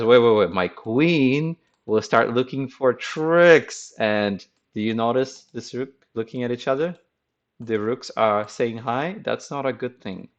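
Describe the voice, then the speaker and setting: A man commenting on a chess game as a teacher, with a playful, dramatic storytelling manner, on a dull lo-fi recording. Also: fairly low pitch.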